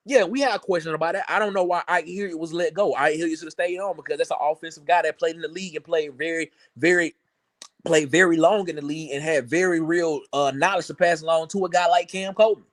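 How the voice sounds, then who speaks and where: A man's voice: on the high side, fast talker, no room sound, clean studio sound. A man co-hosting a casual sports reaction show, emphatic and sarcastic, often repeating words as he builds a point. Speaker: sports talk co-host.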